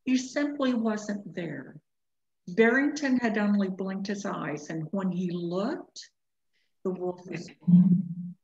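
A woman teacher reading a storybook aloud in a slow, expressive way for a lesson. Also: medium pitch. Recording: echoey room, dull lo-fi sound.

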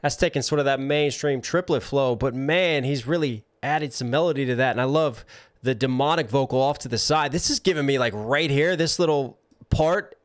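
A man's voice: medium pitch, moderate pace. A man hosting a live music reaction stream, enthusiastically breaking down rhymes and flows and humming along with the beat.

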